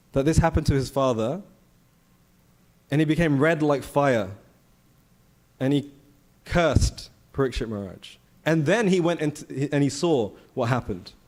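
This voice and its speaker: Male temple speaker, slightly high voice, chatty storytelling scripture class. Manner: conversational, animated storytelling with rhetorical questions. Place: temple hall.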